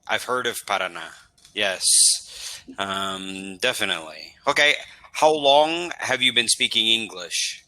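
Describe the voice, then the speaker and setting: Man, from the United States, English tutor, patient and encouraging, video call, crisp bright tone. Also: fairly low pitch, lively intonation, a little slow. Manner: patient, encouraging, checks understanding. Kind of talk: online English lesson conversation.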